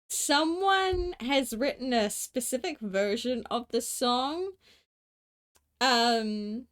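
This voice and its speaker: Woman streamer, casual chat, excitable, playful, a bit high-pitched. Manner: playful and excitable, swears and laughs often. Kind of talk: casual chat while drawing on a live stream.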